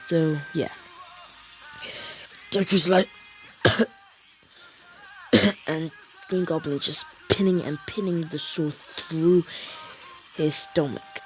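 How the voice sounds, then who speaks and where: A man's voice: fairly high pitch, steady tone, slow, pauses often, fairly bright tone, soft background music, rough recording. A young man casually retelling a fan story, rambling with fillers and asides.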